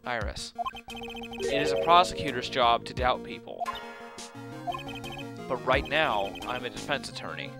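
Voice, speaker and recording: A man voicing a composed young male lawyer, speaking low and measured over game music. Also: expressive. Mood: earnest. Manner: measured, earnest.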